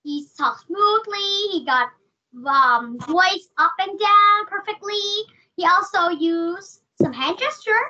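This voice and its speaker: A woman with a Vietnamese accent leads an online class, asking questions and calling on students by name. Her voice is very high and strikingly bright. The audio is dull and lo-fi, as on a video call. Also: takes it slowly. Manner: calls on students by name, asks many questions. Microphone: computer mic on a video call.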